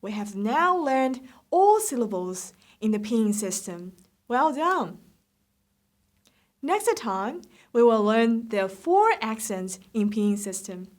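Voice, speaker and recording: A woman teaching Mandarin pronunciation, saying each syllable slowly and repeating it for the learner. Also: a little high, sing-song. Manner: slow, drilled repetitions of syllables. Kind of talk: slow pronunciation lesson.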